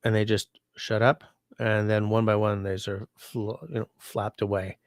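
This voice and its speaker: Man, host reading viewer comments, rambling, sick, lowish voice. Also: normal speed, no room sound, studio quality. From Canada. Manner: rambling, relaxed, reads viewer comments aloud. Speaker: livestream host. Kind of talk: casual livestream chat.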